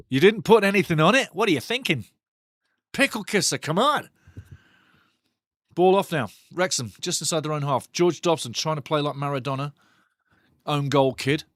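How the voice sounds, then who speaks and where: A man hosting a live football watch-along, commenting on play with excitable, sweary banter aimed at his chat. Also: on the high side, no echo, studio quality.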